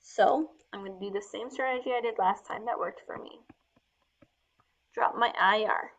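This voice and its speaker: A woman teaching Spanish verb forms step by step while writing them out, talking through each change slowly and sometimes dropping to a soft murmur as she writes. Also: mid-range voice, muffled recording. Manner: slow, step-by-step explaining. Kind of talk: explaining grammar while writing.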